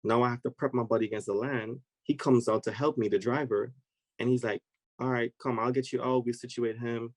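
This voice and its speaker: A man recounts a story with real energy, jumping into the voices of the people in it. His voice sits at an ordinary middle pitch. The recording is close and dry, with no room sound around him. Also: steady tone, fairly quick, darkish tone, no echo, low-quality recording. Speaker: podcast guest. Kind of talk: animated storytelling in conversation.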